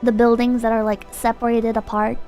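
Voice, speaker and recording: A woman's voice: fairly high pitch, flat delivery, a little fast, mellow. A young woman streamer chatting casually and rambling self-consciously as she reads viewer comments. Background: background music.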